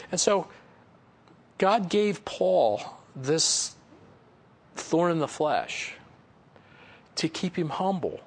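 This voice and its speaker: A man's voice: mid-range voice, vocal fry, slight background noise. A male pastor preaching a sermon in a conversational way, with many "you know" fillers.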